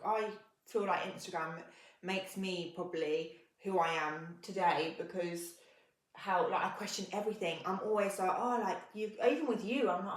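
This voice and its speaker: A woman co-hosting a podcast, speaking candidly and earnestly, her sentences full of hesitant ums. Her voice sits a little lower than most, and the room around her rings with a noticeable echo. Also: moderate pace. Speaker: podcast co-host. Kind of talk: candid conversational podcast chat.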